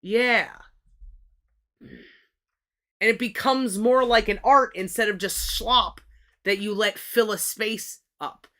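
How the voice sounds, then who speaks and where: A woman's voice: medium pitch, slow pace, pauses often, pushed and bright. A woman hosting a livestream in loose, rambling chat, swearing often and restarting her sentences. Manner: profane, rambling, with frequent restarts. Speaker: livestream host.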